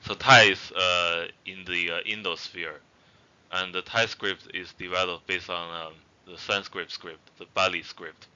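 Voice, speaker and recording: A man with a very low voice teaches a language lesson in a casual, halting way, often pausing on fillers. His tone is bright and clear, though the recording sounds somewhat dull and lo-fi. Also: fairly even intonation. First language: not Zhuang. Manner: hesitant, many fillers and restarts.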